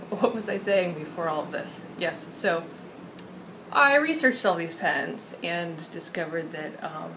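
A woman author talks casually to camera indoors, her voice sitting a little low. She rambles and fills pauses with ums. The home video carries a steady hiss of background noise. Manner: chatty, rambling, with many fillers. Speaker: children's book author.

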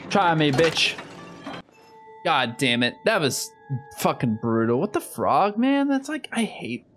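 A man's voice: a little high, very animated, slow, fairly bright tone, faint music behind. A young man commenting live on a horror game he is playing, swearing often and reacting in sudden outbursts. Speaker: streamer.

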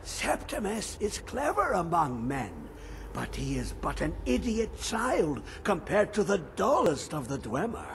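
A rambling, half-mad old hermit scholar from a fantasy video game, his high voice swooping up and down as he drawls out riddles. He drifts between grand pronouncements and hushed whispers, always cryptic. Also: huge pitch swings, a little slow, gravelly, slight background noise, exaggerated voice. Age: older.

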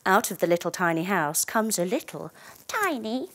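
Animated woman leading kids yoga. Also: mid-range voice, moderate pace, very noisy. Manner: animated, encouraging, sound effects. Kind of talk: guided yoga storytelling for children.

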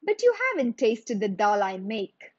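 A proud, stubborn cook who answers calmly and bluntly, acted by a woman reading a story. The reading is slow, with a dry, slightly muffled sound. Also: fairly high pitch, no echo, full character voice. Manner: calm and blunt. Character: stubborn, proud middle-aged male cook.

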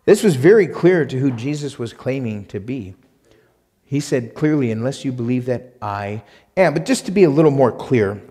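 A man's voice: mid-range voice, mellow. Emphatic preaching man in a reverberant hall. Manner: emphatic, repetitive preaching with rhetorical questions. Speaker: pastor. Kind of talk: sermon. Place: church sanctuary.

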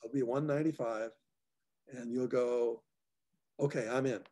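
A man's voice: mid-range voice, fairly even intonation, normal speed, warm tone. A man hosting a live group call, talking loosely with repeated restarts, heard over a video call. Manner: loose and repetitive, restarts phrases. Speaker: host of a call-in show.

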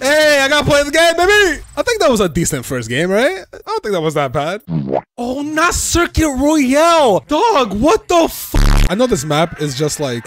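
A young man giving excitable, trash-talking commentary while playing a shooter game, repeating himself as he plays. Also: high voice. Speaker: gaming streamer. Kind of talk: live gameplay commentary.

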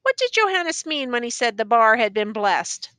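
A woman reading the part of a grave male judge who questions the accused in a stern, measured way. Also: on the high side, very animated, sharp tone, no room sound.

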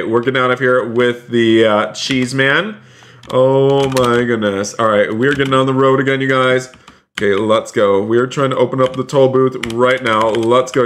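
Excitable man narrating a game stream. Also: medium pitch. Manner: excitable, narrates every move to viewers; repeats phrases, keeps saying "you guys". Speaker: streamer playing a roleplay game. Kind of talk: live game stream commentary.

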